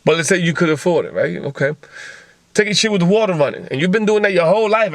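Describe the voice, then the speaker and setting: A man's voice: high voice, animated, fast talker, no echo. A man hosting a motivational talk show, lecturing in blunt, profane casual speech full of rhetorical questions.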